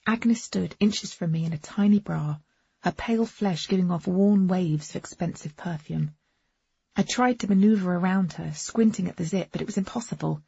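A woman's voice: fairly low pitch, normal speed, gravelly, mellow, slightly rough, dry recording. A woman reading a first-person novel aloud with wry, understated delivery, on a dull, muffled recording. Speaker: audiobook narrator.

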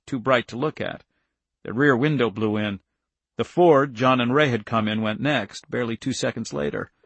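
Husky male audiobook narrator. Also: mid-range voice, no room sound. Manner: dramatic, tense storytelling.

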